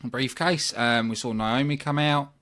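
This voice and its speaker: A British man hosting a wrestling review at a mid-range pitch, talking in a loose, opinionated way. He breaks up his points with plenty of ums and asides, like someone chatting off the cuff. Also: fairly even intonation, a little slow, fairly bright tone. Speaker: wrestling review podcast host. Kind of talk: casual solo review.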